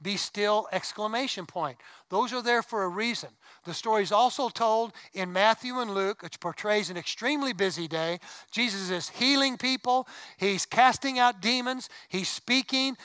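A man's voice: sits high, pushed and bright, clear, resonant tone, dry recording, rough recording. A middle-aged man preaching a sermon as pastor, conversational, with asides and rising emphasis. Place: church sanctuary.

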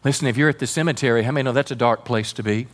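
A man's voice: medium pitch, racing. A man preaching a sermon as pastor, fervent and calling on the congregation to respond.

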